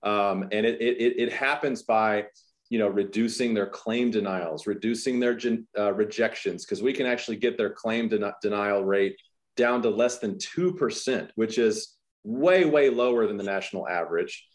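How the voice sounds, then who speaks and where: A man giving a business presentation as a sales trainer, energetic, with many fillers and repeated words. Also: fairly low pitch, moderate pace.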